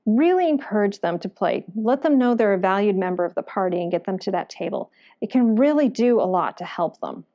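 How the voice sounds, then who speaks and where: A woman psychologist hosting an educational talk, speaking in an earnest, gentle, advising way. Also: a little high. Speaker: psychologist and show host.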